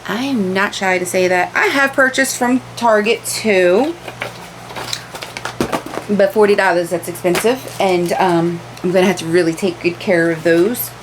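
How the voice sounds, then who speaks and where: Casual female beauty vlogger, candid chatter, mid pitch, faint room noise. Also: unhurried, poor audio. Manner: chatty, candid, repeats words. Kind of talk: casual unboxing chat. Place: home room with ring light.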